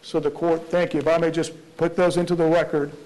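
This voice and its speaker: A prosecutor arguing a motion before a judge, earnest, with many rhetorical questions and restarts. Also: male voice, a little high, flat delivery, brisk, darkish tone, poor audio. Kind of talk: courtroom argument.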